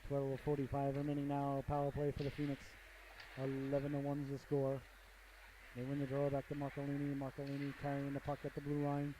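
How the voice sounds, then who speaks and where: A man's voice: medium pitch, monotone, a little fast, warm tone. A man doing play-by-play for a hockey game, with folksy jokes and frequent asides to the audience. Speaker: play-by-play commentator. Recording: noisy amateur broadcast audio.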